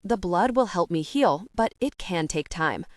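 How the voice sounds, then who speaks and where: A woman's voice: lowish voice, lively intonation, unhurried, no echo, clean studio sound. A woman narrator voicing a wounded young male vampire who speaks with a French accent in stiffly polite, formal phrases. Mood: weary, formal. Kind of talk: audiobook character reading.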